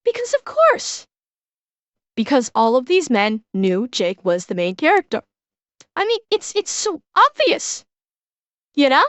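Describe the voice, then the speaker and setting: A woman streamer giving casual reaction commentary, excitable, swearing freely and laughing often. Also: high-pitched, unhurried, dry recording.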